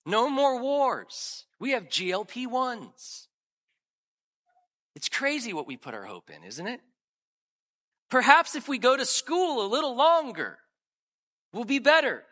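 A man preaching a sermon, dramatic, swinging between loud emphatic lines and hushed ones. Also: very high-pitched, very animated, a little slow, pauses often. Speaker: pastor.

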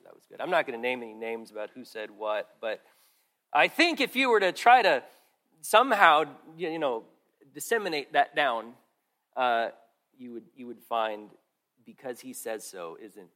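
A middle-aged man preaching a sermon, earnest and conversational, swinging from strong emphasis to quiet asides with frequent restarts. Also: on the low side. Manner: earnest, rises and falls in loudness, drops to quiet asides; conversational with restarts and repeated words. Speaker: pastor.

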